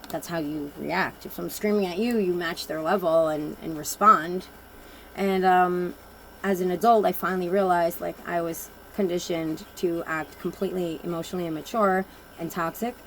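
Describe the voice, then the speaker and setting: A woman's voice: lowish voice, a little hiss or hum, poor audio. A woman giving a casual oracle card reading, telling personal stories in a blunt, rambling and emphatic way.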